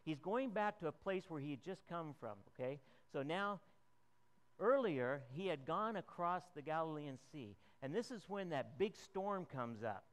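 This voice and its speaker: A man's voice: a little high, animated, normal speed. A man preaching a conversational sermon, asking the congregation questions and chuckling as he retells the story.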